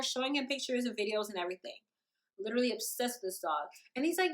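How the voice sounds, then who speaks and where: A young woman telling a storytime vlog story in an animated, dramatic, slangy way. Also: a little high, quick pace. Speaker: vlogger.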